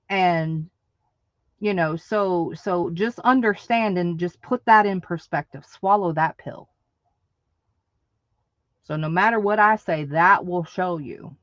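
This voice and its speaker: A woman's voice: medium pitch, no room sound, highs cut off. A woman hosting an online craft market, ranting in an emphatic, repetitive, indignant way to her viewers. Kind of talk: ranting livestream monologue.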